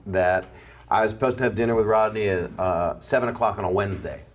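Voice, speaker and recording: Low-voiced man telling a lively anecdote. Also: fast talker. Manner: animated anecdote telling, acts out quoted voices. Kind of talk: casual chat, storytelling.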